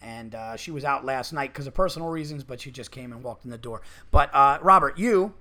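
A man's voice: mid-range voice, brisk, sharp tone, no echo. A man hosting a podcast, telling a long story in casual chat, swearing a lot and filling with "like". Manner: swears freely, lots of "like" fillers. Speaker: podcast host. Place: comedy club.

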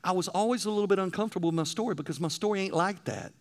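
A male preacher delivering a sermon, telling stories and swinging between loud emphasis and hushed passages. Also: sits high, rapid-fire.

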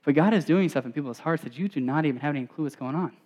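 A young man preaching to students as a campus pastor, telling stories in a conversational way, full of asides and quick restarts. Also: fairly high pitch, a little mellow. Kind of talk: conversational sermon. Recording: dull, reverberant hall sound.

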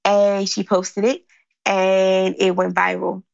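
Woman guest from Philly, lively storyteller, fry in the voice, dull recording. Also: slow, dry recording. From Philadelphia. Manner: expressive, acts out quotes with big pitch jumps. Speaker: guest, company founder. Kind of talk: animated storytelling in conversation.

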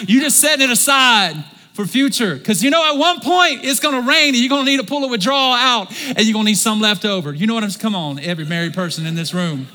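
Male pastor, high bright voice, preaching with a big dynamic range, long hall reverb. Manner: swings from soft and low to loud and emphatic, calls for congregation response. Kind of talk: sermon. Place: large church hall.

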